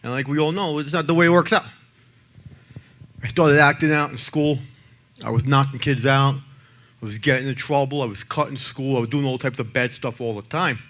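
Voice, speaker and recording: A man speaks in blunt, emphatic personal testimony. His voice sits at an ordinary middle pitch. He pushes some lines out loudly and drops others to a near hush. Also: steady tone, normal speed. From the Bronx, New York. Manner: blunt and emphatic, swinging between loud and hushed. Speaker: abuse survivor and advocate speaker.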